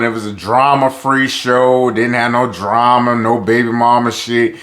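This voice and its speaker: A man's voice: little pitch movement, moderate pace, hardly any pauses, a bit bright. A man with a Tidewater Virginia accent, talking casually and profanely in a loose vlog monologue. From Newport News, Virginia. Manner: loose and profane, heats up with rising pitch on social topics. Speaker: vlogger.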